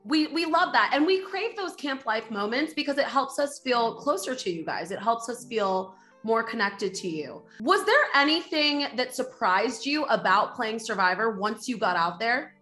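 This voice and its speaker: A woman's voice: fairly high pitch, sing-song, normal speed, hardly any pauses, bright, forceful tone, faint music behind. A woman hosting an interview, asking questions in an upbeat, encouraging way. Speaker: interview host.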